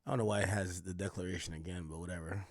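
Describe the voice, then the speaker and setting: A man's voice: deep voice, fairly even intonation, racing, dry recording, studio quality. A young man streaming commentary, reading documents aloud and reacting bluntly with lots of profanity.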